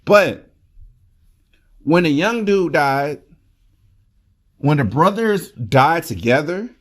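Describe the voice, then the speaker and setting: Excitable, rambling man reviewing a movie. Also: mid-range voice. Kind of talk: casual chat.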